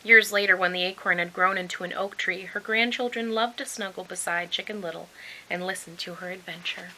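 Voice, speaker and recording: A woman reading a children's picture book aloud in an expressive, animated way. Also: on the low side, fairly quick, noisy background. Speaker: storybook reader.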